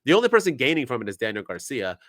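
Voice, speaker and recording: Man, podcast co-host, sarcastic rant, frustrated, mid pitch, dry mic. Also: very animated, very fast, fairly bright tone, no echo. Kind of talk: casual wrestling podcast chat.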